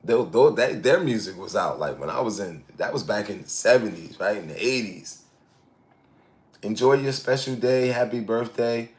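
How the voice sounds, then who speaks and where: Reading out viewer comments and laughing frequently, a man in his sixties hosts a casual live stream outside in hot Thai weather. His voice is fairly low, with lively intonation and a normal speaking speed.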